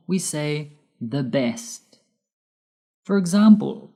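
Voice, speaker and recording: A woman giving a scripted English grammar lesson, careful and measured, spelling out letters one by one. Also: deep voice, dark tone. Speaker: English teacher.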